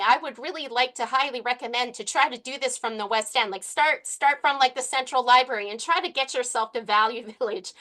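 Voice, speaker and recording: A woman's voice: high-pitched, bright, forceful tone. A woman speaking earnestly as a committee member at a public meeting, rambling with fillers and restarts.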